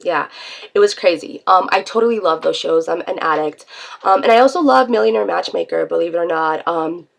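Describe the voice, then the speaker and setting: A woman talking straight to camera in an unscripted vlog, her voice stuffy and congested from a cold. She rambles in a chatty, self-deprecating way, and her words carry a gravelly, fry-laden edge. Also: fairly low pitch, a little fast. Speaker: vlogger.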